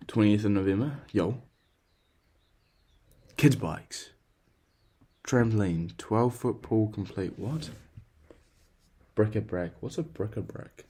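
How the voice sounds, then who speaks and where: A young man hosting his own podcast in loose solo chat, excitable and profane, jumping between loud outbursts and hushed whispers. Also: lowish voice, takes it slowly, pauses often, husky. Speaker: podcast host.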